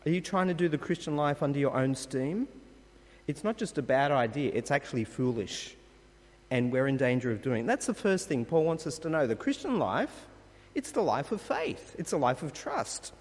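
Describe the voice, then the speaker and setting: A man's voice: a little high, very animated, normal speed, big-room sound. A man preaching a sermon as pastor, emphatic and full of rhetorical questions, calling his listeners friends.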